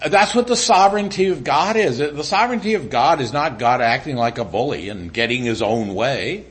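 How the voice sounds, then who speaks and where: Animated man preaching a sermon. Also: medium pitch, moderate pace. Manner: animated preaching, drops to a quiet voice for God's lines. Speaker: pastor.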